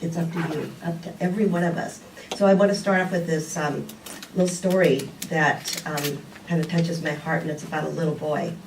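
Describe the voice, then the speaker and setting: A woman's voice: sits low, steady tone, brisk, noisy background. An older woman giving a conversational sermon with many "you know"s. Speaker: speaker. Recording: roomy, distant with faint background ambience.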